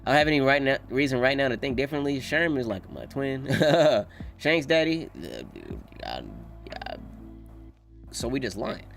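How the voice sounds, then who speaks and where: Man, live reaction stream, casual and profane, mid-pitched voice, faint music behind. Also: sing-song, moderate pace, gravelly, a bit bright. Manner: loose, profane, reads chat aloud, laughs often. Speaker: streamer reacting to a manga chapter.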